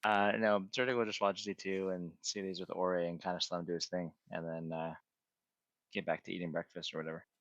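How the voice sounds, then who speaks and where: A man's voice: deep voice, level tone, fairly quick, fairly bright tone, dry recording, muffled recording. A man playing a tabletop role-playing game, describing his characters' antics in a playful way. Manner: playful, laughing often. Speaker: player. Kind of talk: casual tabletop role-play.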